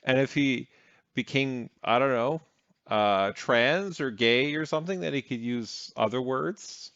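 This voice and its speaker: A man's voice: mid-range voice, unhurried, a bit bright, no echo, lo-fi sound. A man commenting over an interview clip, mocking and sarcastic in tone. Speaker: reaction commentator.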